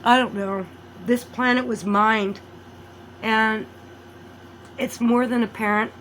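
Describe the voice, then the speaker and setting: Woman, rambling vlog monologue, loud outbursts then low mutters, faint hiss behind. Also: steady tone, takes it slowly, low-quality recording. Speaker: vlogger.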